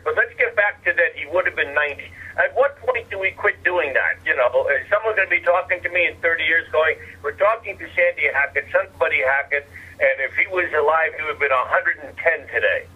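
A man's voice: on the high side, fairly quick, slightly rough. A male comedian being interviewed on radio, bantering with wry, incredulous humor. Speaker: guest comedian. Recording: tinny phone line.

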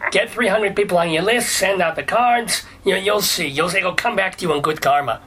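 A comic rabbi talk-show host, played by a man, trading deadpan jokes and stumbling over his words. His voice sits high and bright with a husky edge. He sounds curious and playful as he interviews. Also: fairly quick, heavily acted. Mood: mock advice. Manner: deadpan, jokey and flirty, stammering restarts. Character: joking middle-aged male rabbi talk-show host.

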